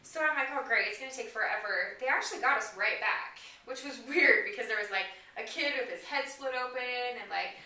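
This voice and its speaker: A young woman telling a personal story in casual chat, talking fast with lots of "like"s and laughing as she goes. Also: high-pitched, bright, forceful tone. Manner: chatty, many "like"s, laughs while talking. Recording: echoey room, far from the mic.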